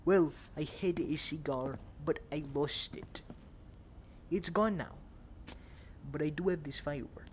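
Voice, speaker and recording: A man's voice: a little high, a little slow, long pauses, slight background noise. A young man giving joking, rambling gameplay commentary, swearing now and then. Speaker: gamer.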